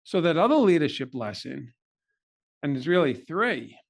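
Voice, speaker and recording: Man, slightly higher voice, heartfelt storyteller, candid interview guest. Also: sing-song, normal speed, vocal fry. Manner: earnest, emotional personal storytelling. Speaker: podcast guest.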